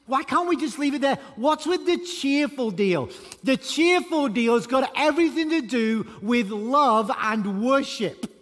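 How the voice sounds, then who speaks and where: A man preaching a sermon as pastor, emphatic and animated, with sudden loud bursts. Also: extremely high pitch, a little slow. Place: church auditorium. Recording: church hall reverb.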